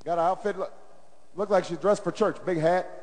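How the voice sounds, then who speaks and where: A middle-aged man tells a rally story with a striking high-pitched voice that climbs into a chanting call-and-response. His words ring out with a long reverb through a large arena. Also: fairly even intonation, a little fast, a little mellow. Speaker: presidential candidate. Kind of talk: campaign rally speech.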